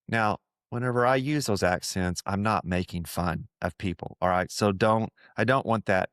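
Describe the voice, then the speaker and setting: A man's voice: on the low side, moderate pace, hardly any pauses, fairly bright tone, smooth, no room sound, studio quality. A man hosting a podcast, talking about faith in an earnest, conversational way, often repeating himself and putting on voices to quote people. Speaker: podcast host. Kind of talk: reflective faith talk.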